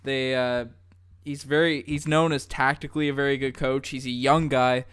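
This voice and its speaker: A man hosting a casual sports podcast, upbeat and quick to agree with his co-host. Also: mid-range voice, little pitch movement, a bit bright, clear, resonant tone, dry recording, studio quality. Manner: upbeat, brief agreeing replies.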